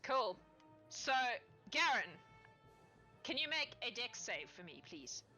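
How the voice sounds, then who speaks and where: A woman's voice: a little high, sing-song, takes it slowly, bright, forceful tone, soft background music. A woman running a tabletop game as game master, narrating playfully and laughing often.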